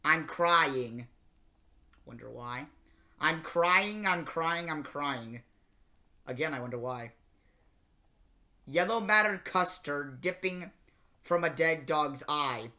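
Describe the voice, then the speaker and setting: A man takes on a sardonic, grumpy old alien time traveller, grumbling through comic lyrics that he reads and sings in character at a slow, unhurried pace. His bright, edgy voice is animated and exaggerated, its pitch swinging widely between exasperated asides and mock singing, all delivered as a sardonic reading.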